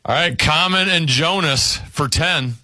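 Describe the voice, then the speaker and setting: A man hosting a word game show, briskly announcing scores, clues and whose turn it is. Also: on the high side, bright, forceful tone.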